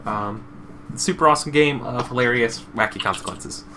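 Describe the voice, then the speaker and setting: Chatting loosely while setting up a tabletop game, this host and facilitator wanders off mid-thought and restarts with self-deprecating remarks. He speaks at medium pitch and normal speed, in a bright, forceful tone, with slight background noise.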